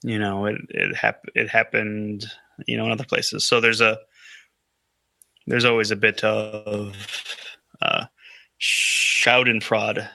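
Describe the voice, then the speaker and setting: A man co-hosts a casual podcast chat, rambling along with fillers and stalled restarts. His voice is strikingly bright and forward. The sound is dry and close, with no room around it. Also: on the low side, flat delivery, slow pace, gravelly, pauses often, dry recording. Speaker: podcast co-host.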